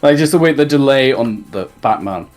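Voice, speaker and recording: A man hosting a casual chat show, recapping scenes in a rambling, animated way and swearing now and then. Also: medium pitch, normal speed, soft background music. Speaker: podcast host.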